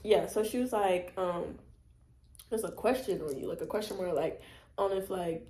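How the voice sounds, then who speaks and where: A woman's voice: fairly low pitch, moderate pace, dark tone. Young woman telling a faith story, roomy sound. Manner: storytelling with many likes, emotional. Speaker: podcast co-host. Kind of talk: casual faith testimony chat. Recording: roomy echo.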